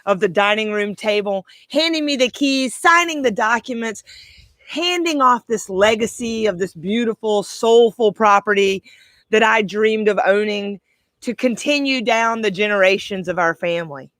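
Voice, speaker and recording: Woman, middle-aged, life coach, heartfelt reflective monologue, medium pitch, dry sound. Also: a bit bright, no echo. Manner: heartfelt, slow and emphatic in places. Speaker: life coach, podcast host.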